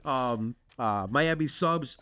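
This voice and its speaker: A man from Connecticut, a podcast co-host telling a personal story in a profane, animated way. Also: mid-range voice, takes it slowly, clear, resonant tone, dry recording.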